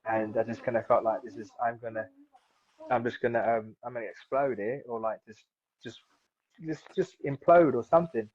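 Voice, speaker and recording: Rambling husky man from South London. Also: fairly low pitch, flat delivery, brisk. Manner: rambling, many fillers and restarts. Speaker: guest, seaweed farmer. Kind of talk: casual interview chat. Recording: dull lo-fi sound.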